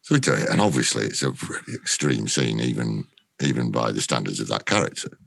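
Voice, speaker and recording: A middle-aged actor telling a rambling, sweary anecdote as an interview guest. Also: male voice, very deep voice, sing-song, a little fast, creaky, fairly bright tone, a little hiss or hum. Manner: swears freely, rambling storyteller.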